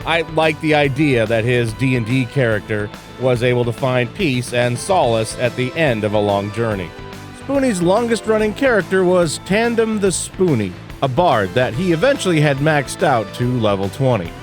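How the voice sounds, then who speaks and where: A man narrating a scripted tribute video in a measured, even reading. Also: medium pitch, music in the background.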